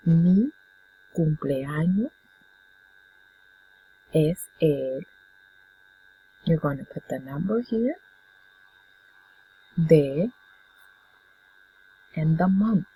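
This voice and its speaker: Low, gravelly-voiced woman teaching slowly. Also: animated, warm tone, slight background noise, poor audio. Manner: patient, drills words for students to repeat. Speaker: Spanish teacher. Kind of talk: classroom language lesson.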